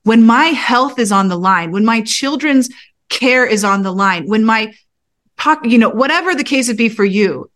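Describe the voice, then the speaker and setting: A woman's voice: fairly high pitch, expressive, moderate pace, a bit bright. An earnest woman in her thirties recounts a personal faith story as a podcast guest. She tells it like a testimony and voices her own prayers with rising feeling. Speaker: podcast guest, pastor and author.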